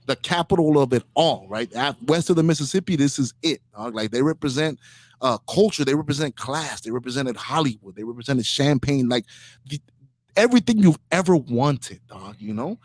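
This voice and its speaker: A man's voice: mid-range voice, lively intonation, normal speed, a little mellow, dry recording, clean studio sound. A man from Inglewood hosting a podcast, delivering an opinionated comedic rant in heated slang. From Inglewood, Los Angeles. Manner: heated and slangy, peppering lines with "dog". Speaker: podcast host.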